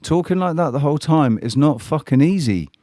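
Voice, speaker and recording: A man's voice: fairly high pitch, expressive, fairly quick, dark tone, no room sound, clean studio sound. Blunt, sweary man. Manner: blunt, sweary, laid-back. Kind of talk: casual chat.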